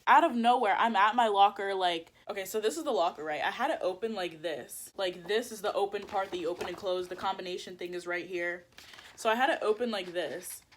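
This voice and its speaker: A young woman telling a story on her vlog in casual chat, animated, saying "like" a lot and swearing freely. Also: fairly low pitch. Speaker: vlogger.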